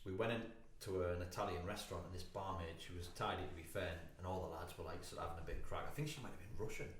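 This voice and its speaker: A man's voice: deep voice, fairly even intonation, rapid-fire. A man with a British accent telling crude, sweary anecdotes in casual podcast banter, often breaking into laughter. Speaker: podcast co-host. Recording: echoey room, faint noise.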